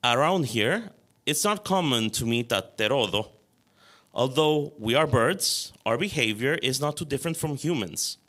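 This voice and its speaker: A man's voice: medium pitch, lively intonation, normal speed, fairly bright tone. A man voicing a polite, submissive birdman creature with a childish voice, read aloud from a story. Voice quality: childish, meek voice. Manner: polite, pleading. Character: male owl-hawk birdman, polite and submissive.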